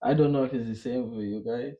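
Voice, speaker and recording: A woman's voice: rumbling low, steady tone, fast, warm tone, lo-fi sound. A woman from the Caribbean in casual group chat, talking with laughter running through her stories.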